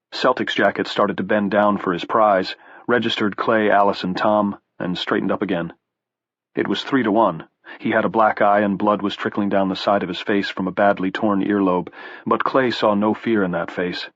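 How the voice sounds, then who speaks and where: A man narrating a horror audiobook in a steady, measured reading. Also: fairly low pitch, no room sound, lo-fi sound.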